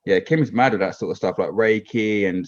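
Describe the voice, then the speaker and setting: Man, podcast guest, lowish voice, rambling casual chat, muffled lo-fi sound. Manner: rapid, rambling, keeps asking "do you know what I mean".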